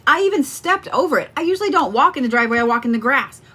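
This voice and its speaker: A woman's voice: high voice, animated, racing, bright, forceful tone, husky. A middle-aged woman hosting a live stream as a psychic card reader, chatting casually and rambling to viewers with plenty of swearing. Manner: chatty, rambling and freely profane.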